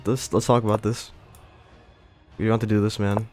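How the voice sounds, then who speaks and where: A man's voice: fairly low pitch, level tone, normal speed, long pauses, darkish tone, faint music behind. A young man giving casual gameplay commentary, frustrated and self-mocking, swearing and breaking into jumpy outbursts. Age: young adult. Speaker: gaming YouTuber.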